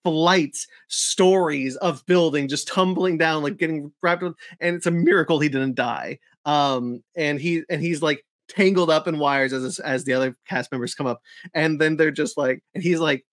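With a fairly high pitch and normal speed, this podcast co-host rambles through a casual, enthusiastic chat packed with fillers and restarts. The audio is clean studio sound without echo.

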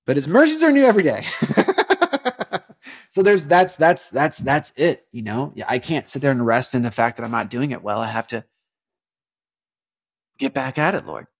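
A young man hosting a casual devotional podcast, talking in a rambling, earnest way with lots of fillers, restarts and sudden animated emphasis. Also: mid-range voice, measured pace, long pauses, slightly rough. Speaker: podcast host.

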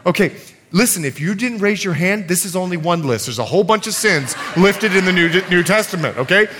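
Lively high-voiced male pastor preaching. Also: fast talker, slight background noise. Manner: animated, asks the congregation questions. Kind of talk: sermon.

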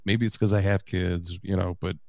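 A man's voice: low voice, little pitch movement, normal speed, vocal fry, dark tone, no room sound, studio quality. A man in his late thirties hosting a casual movie podcast, recapping the plot with loose, sweary asides. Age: 30s. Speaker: podcast host.

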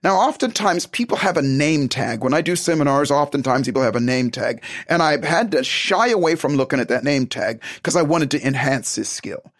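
A man giving a motivational self-help talk, emphatic and animated, acting out little conversations as he goes. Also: mid-range voice, moderate pace, hardly any pauses.

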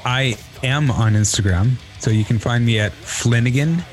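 A man's voice: medium pitch, normal speed, soft background music. A man who teaches, co-hosting a podcast in earnest, casual chat, saying "like" often. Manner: earnest, uses "like" often, laughs easily.

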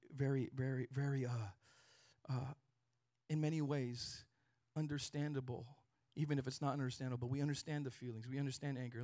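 A man preaching a sermon as pastor, building to shouted peaks and acting out quoted voices. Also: mid-range voice.

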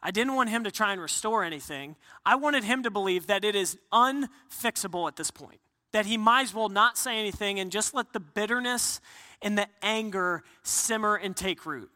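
Brief: a smug, scheming devil, put on by a man mid-sermon, pitched low and deliberate, with a sharp bright edge and long hall echo. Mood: gloating. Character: scheming devil gloating over a quarrel.

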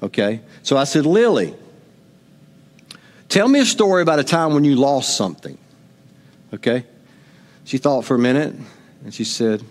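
A man's voice: fairly high pitch, sing-song, moderate pace, pauses often, slightly rough. A middle-aged man, preaching a sermon and telling family stories to his congregation in a folksy way. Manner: folksy storytelling, talks to the congregation. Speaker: pastor. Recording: long hall reverb.

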